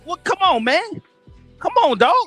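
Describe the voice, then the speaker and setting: A man's voice: very high-pitched, sing-song, measured pace, a bit bright, faint music behind. A man, a boxing coach, arguing casually on a call-in stream, pushy and repeating his points.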